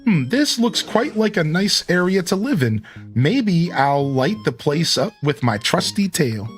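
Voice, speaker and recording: A sweet, polite electric game creature, as a man voices it, a little higher than his own voice. It speaks with gentle, welcoming courtesy. Faint music plays behind it. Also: very animated, measured pace.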